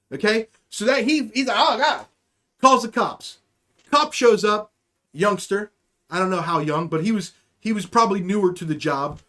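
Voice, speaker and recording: High pitched guy rambling through a crude story on his podcast, swearing a lot, super casual. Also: fairly bright tone. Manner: rambling, profane, jokey. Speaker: podcast host.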